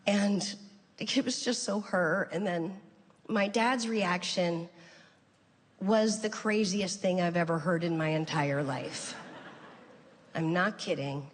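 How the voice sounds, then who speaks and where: A woman's voice: fairly low pitch, takes it slowly, long pauses. Woman comic rambling through a family story, lots of like and um, big roomy hall sound. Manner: conversational, lots of "like" and restarts, acts out family members' voices. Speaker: stand-up comedian. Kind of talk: stand-up storytelling. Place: comedy stage in a large venue. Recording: reverberant hall with faint ambience.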